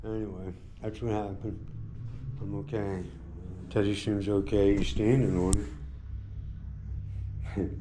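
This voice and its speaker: An American man, a motorcycle travel vlogger, talking in a rambling, halting way with lots of swearing and repeated words, sore and shaken after a beating, in a hotel room. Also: lowish voice, little pitch movement, background noise. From United States. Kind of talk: casual vlog monologue.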